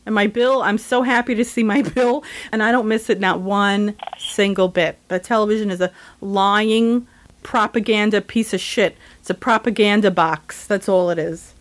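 A woman's voice: medium pitch, fairly even intonation, moderate pace. A woman in casual chat who talks bluntly and rants with lots of profanity.

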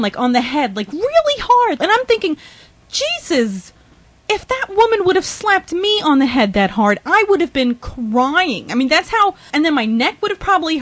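A woman's voice: high voice, dry recording. A woman hosting a podcast, ranting indignantly with swearing, rambling asides, laughs and sighs. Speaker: podcast host. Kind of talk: ranting monologue.

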